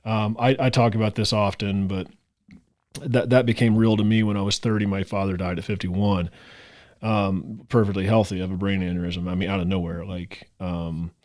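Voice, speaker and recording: A male podcast host speaks in a heartfelt, grateful way, stumbling over repeated words as he goes. His voice sits a little low for a man. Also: little pitch movement, moderate pace, darkish tone. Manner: heartfelt, grateful, emotional, with stammered restarts. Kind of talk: casual interview chat.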